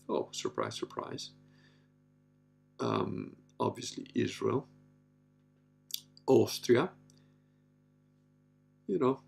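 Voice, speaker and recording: A man's voice: lowish voice, creaky, a little mellow, breathy edge. A man hosting a casual livestream, reading out viewer comments and rambling on in a profane, offhand way with lots of filler words. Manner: rambling, profane, full of "you know" and "like".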